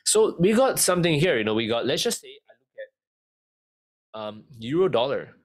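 A man's voice: mid-range voice, very animated, moderate pace. A man explaining trading in a casual, conversational lesson, often checking in with the listener. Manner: conversational, keeps asking "right?". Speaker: trading instructor.

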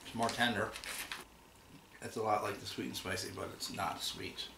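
Relaxed man chatting, roomy distant sound. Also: fairly low pitch, moderate pace, vocal fry. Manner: relaxed, thinking aloud about flavors. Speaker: co-host. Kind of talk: casual taste-test chat. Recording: roomy room, mic a bit far, faint noise.

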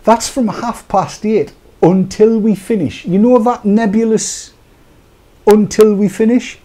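A man's voice: sits high, measured pace. A man co-hosting a live-streamed talk show, chatty and joking with asides. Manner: jokey, chatty, animated asides. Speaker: co-host of a vaping talk show. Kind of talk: casual live-stream chat.

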